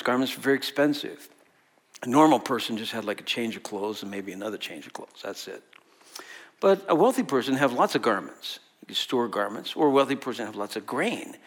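This man's voice, mid-range with a slightly bright edge, carries a casual sermon in which he quizzes the congregation and laughs frequently.

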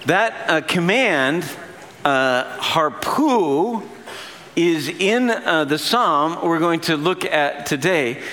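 A man's voice: on the high side, animated, very slow, sharp tone, slight background noise. A man giving a sermon in a casual, playful teaching manner, laughing as he explains. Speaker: pastor.

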